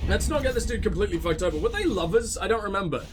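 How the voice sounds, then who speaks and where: Guy w a pretty high voice cussing and joking thru his game, faint music in the back. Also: expressive, rapid-fire. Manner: crude, sweary, sarcastic running banter. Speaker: gaming video host. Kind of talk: casual let's play commentary.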